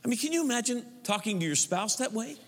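A man preaching a sermon as pastor, animated, now and then mocking stiff churchy prayer voices. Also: extremely high pitch, quick pace, long reverb tail.

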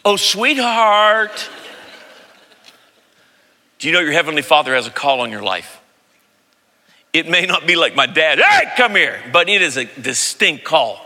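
A man in his fifties preaching a sermon as pastor, telling stories with animated, loud impressions of family voices. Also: fairly high pitch, brisk. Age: 50s. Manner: animated storytelling, mimics voices loudly. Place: large church sanctuary. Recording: long hall reverb.

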